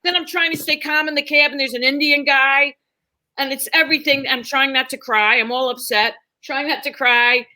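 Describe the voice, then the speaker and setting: A middle-aged woman comedian, appearing as a guest, tells a bawdy story in casual chat, animated and acting out the voices of the people in it. Her voice sits high, and she speaks at a moderate pace.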